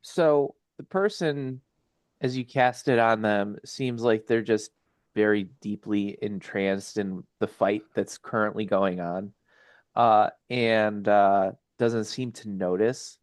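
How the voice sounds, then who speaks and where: A man runs a tabletop game in a slow, measured way, with a lowish voice that sits close to the mic. He lays out scenes patiently and laughs easily with his players. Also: dry recording. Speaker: game master.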